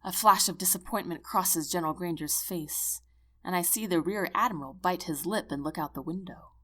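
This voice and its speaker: A woman narrating a first-person audiobook in an earnest, expressive storytelling manner. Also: lowish voice, normal speed.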